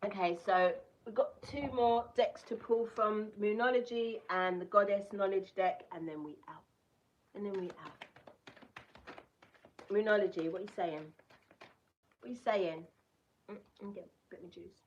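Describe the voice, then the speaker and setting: A woman's voice: medium pitch, moderate pace, few pauses, dull audio, a little hiss or hum. A woman giving a casual collective tarot and crystal reading, reading card text aloud and breaking off into chatty asides. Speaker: tarot reader.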